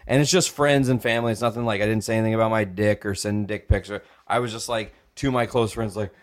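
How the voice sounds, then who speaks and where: With a lowish voice, fairly even intonation and a quick pace, this young podcast co-host delivers an animated, profane tale at length. He acts out each quoted voice along the way.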